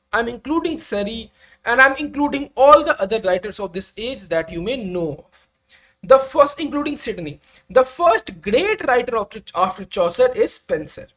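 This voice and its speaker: A woman's voice: high voice, a bit bright. A young woman teaching a live online exam-prep lecture, checking in with "right?" as she goes.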